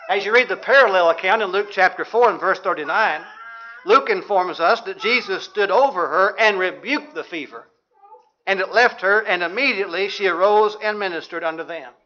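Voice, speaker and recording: A man's voice: sits high, moderate pace, sharp tone. A man preaching a sermon, reading scripture aloud in old-fashioned wording and asking his listeners questions. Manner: reads scripture in King James wording, asks the listeners questions. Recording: dull lo-fi recording.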